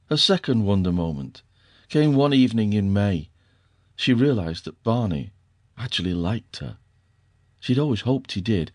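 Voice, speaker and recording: A man narrating an audiobook in a measured, gentle storytelling manner. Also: lowish voice, animated, no room sound. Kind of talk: scripted narration.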